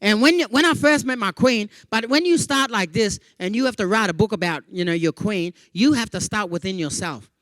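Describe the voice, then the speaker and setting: An Australian man with a fairly high voice delivers a stand-up style keynote, bouncing his delivery around as he acts out everyone in his anecdotes. He keeps checking in with the crowd with little "yeah?" tags, and the sound is dry and close. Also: normal speed, hardly any pauses, dry recording. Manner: animated, jumpy delivery with playful voices for quoted people; chatty, with frequent "yeah?" and "you know" tags. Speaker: comedian giving a conference keynote. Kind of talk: stand-up comedy storytelling to a live audience.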